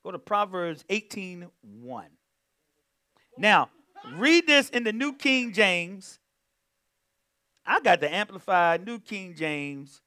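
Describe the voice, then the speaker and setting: A man's voice: high voice, big pitch swings, slow, pauses often, bright, forceful tone. A man preaching a sermon as pastor, fervent, breaking into exclamations and hums and calling on the congregation to answer him. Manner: fervent, exclaiming and humming between points; calls on the congregation to respond.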